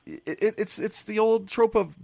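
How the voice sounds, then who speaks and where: A man on a panel chat, jokey and halting, often stumbling over his words. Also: high-pitched, creaky, darkish tone.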